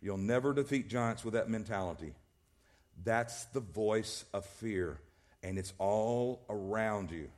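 A man's voice: lowish voice, measured pace, darkish tone. A male pastor preaching a sermon, emphatic and repetitive, often restarting his words. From American South.

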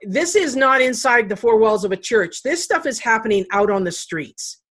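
A woman's voice: on the high side, animated, moderate pace, fairly bright tone. A woman hosting a faith interview, affirming and asking short questions. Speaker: interviewer host.

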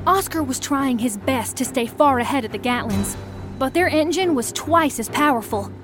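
High-voiced woman narrating an audio story. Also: moderate pace, over music. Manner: expressive, acts out shouted lines. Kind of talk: scripted audio story narration, first person.

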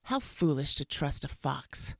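A woman puts on a brave little mouse dentist, fussy and proper. His voice sits higher than the reader's own and comes out clipped and firm. The storybook recording is close and dry. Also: sing-song, normal speed, a little mellow, no room sound. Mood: stern.

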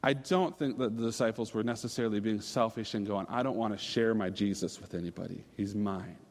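Man, 30s, casual storytelling preacher, lowish voice, hall reverb. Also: a little fast, darkish tone. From Minnesota. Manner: casual, storytelling, many fillers and restarts. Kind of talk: sermon.

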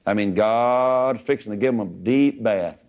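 A man's voice: fairly low pitch, unhurried. A man preaching a sermon in a folksy storytelling way, acting out the voices of the people in his story. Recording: dull lo-fi recording.

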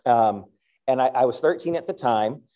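Animated man telling a sermon story. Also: mid-range voice, normal speed. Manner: self-deprecating, animated storyteller. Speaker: school principal giving a devotional talk.

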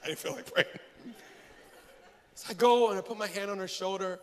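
A male pastor giving a sermon, telling stories in a lively way and poking fun at himself. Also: sits high, brisk, in a large hall, slight background noise. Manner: animated storytelling, self-mocking humor.

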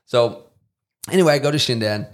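Man, podcast guest, casual animated storytelling, acts out quotes, mid pitch. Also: brisk. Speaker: guest, former Marine and war-zone contractor.

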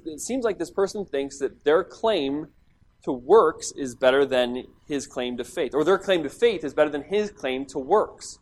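A high-pitched man teaches on a scripture passage in an emphatic sermon. He acts out quoted speech and often repeats words as he begins a thought.

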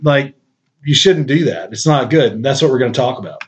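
A man's voice: mid-range voice, expressive, fairly quick, slight background noise. A man in casual podcast chat who rambles, laughs often and says "dude" a lot. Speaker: podcast guest author. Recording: dull lo-fi sound.

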